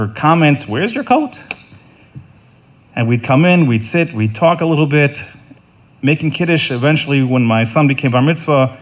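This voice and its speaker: A middle-aged man delivering a funeral eulogy in an earnest, halting way, often repeating words and restarting. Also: mid-range voice. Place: funeral service.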